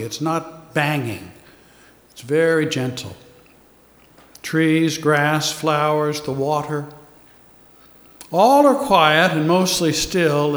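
Slow, soft-spoken man in an echoey hall. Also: on the high side. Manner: slow, soft and unhurried, with long pauses. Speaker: spiritual teacher. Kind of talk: meditative sermon with chanting. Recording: echoey hall with long reverb.

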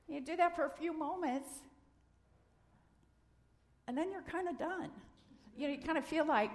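A woman's voice: high voice, lively intonation, normal speed, long pauses. Woman preaching in a reverberant hall. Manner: gentle, earnest, dips into soft near-whispers. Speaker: minister. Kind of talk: sermon.

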